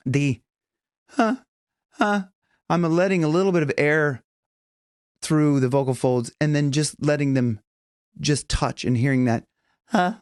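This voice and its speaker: A man coaching singers in a loose, rambling way. His pitch jumps around a lot and he keeps slipping into high sung demonstrations. The recording is dry and close-up. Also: darkish tone, no room sound. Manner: chatty, rambling, breaks into high sung examples and vocal fry. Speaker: vocal coach. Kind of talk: casual vocal lesson with sung demonstrations.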